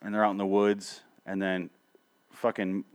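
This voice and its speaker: A man's voice: sits low, little pitch movement, normal speed. A young adult man hosting a show, recapping episodes in a rambling, sarcastic way with frequent swearing. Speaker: show host reviewing TV episodes. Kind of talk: casual profane rambling recap.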